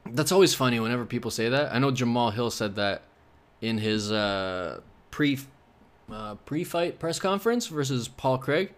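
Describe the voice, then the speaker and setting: A man's voice: mid-range voice, lively intonation, unhurried. Rambling joking young man podcasting. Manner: rambling, joking, sarcastic asides. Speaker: podcast host. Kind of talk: casual solo podcast chat.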